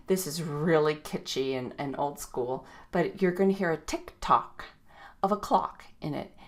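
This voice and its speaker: A woman's voice: lowish voice, darkish tone. A woman music teacher narrating a recorded video lecture in a chatty way, scatting rhythms aloud to point out beats. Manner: chatty, scats rhythms with "ba" and "da" sounds.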